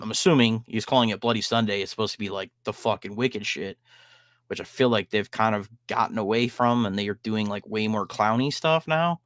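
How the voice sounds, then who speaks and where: A man's voice: lowish voice, a bit bright, no echo, clean studio sound. A man hosting a podcast, chatting casually about a record he just heard, rambling with many fillers and frank swearing. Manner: rambling, lots of "like" and "um". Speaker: podcast host. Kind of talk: casual music review chat.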